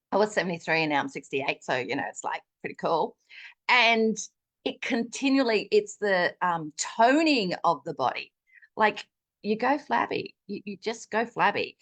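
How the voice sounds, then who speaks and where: A middle-aged woman on a video call, chatting animatedly with lots of fillers as she tells her own health story. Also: fairly low pitch. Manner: chatty and animated, many fillers, acts out quoted dialogue. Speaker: guest sharing a personal health story. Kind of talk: casual video-call chat.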